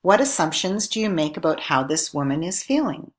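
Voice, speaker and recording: A woman giving a recorded lesson, speaking in a clear, measured teacherly way and putting questions to the viewer. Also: lowish voice, very animated. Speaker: instructor.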